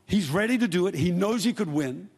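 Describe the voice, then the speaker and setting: A man's voice: high voice, expressive, a little fast, darkish tone, big-room sound. A man preaching a sermon, retelling a scripture story in casual, everyday words.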